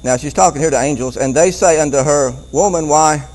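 A man preaching a Bible-teaching sermon, animated, often repeating words and chuckling as he goes. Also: a little high, fairly quick, poor audio.

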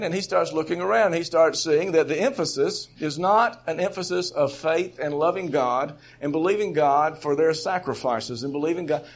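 High-voiced preacher, dull lo-fi recording. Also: male voice. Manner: animated storyteller, swings from quiet asides to loud shouting; chuckles often between points. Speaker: preacher teaching a Bible session. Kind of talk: sermon teaching.

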